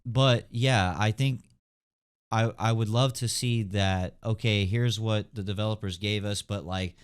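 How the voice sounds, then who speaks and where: A man's voice: on the low side, fairly even intonation, measured pace, clear, resonant tone. A young man hosting a casual gaming podcast, rambling with lots of fillers and hedges. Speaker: podcast host. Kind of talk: casual chat.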